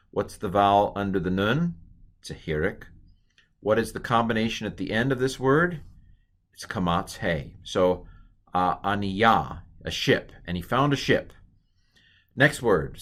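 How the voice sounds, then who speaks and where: A man's voice: fairly low pitch, fairly bright tone. A man teaching an informal lesson, posing questions aloud and answering them himself with many fillers.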